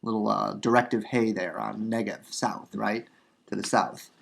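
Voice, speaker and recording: A man teaching a grammar lesson, going slowly and repeating and rephrasing each example, with frequent fillers and restarts. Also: lowish voice, steady tone, vocal fry, a bit bright. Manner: unhurried, repeats and rephrases for emphasis, many fillers. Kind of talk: recorded grammar lecture.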